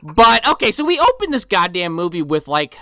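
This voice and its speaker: A co-host on a casual movie review podcast, expressive and casually profane. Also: mid-range voice, brisk, no room sound, studio quality. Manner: expressive, bright, swearing casually.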